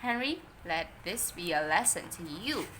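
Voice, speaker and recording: A woman's voice: on the low side, big pitch swings, unhurried, bright, forceful tone, a little hiss or hum, voice pushed down, exaggerated voice. A woman reading aloud and voicing a stern, exasperated mother who scolds her sons. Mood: scolding.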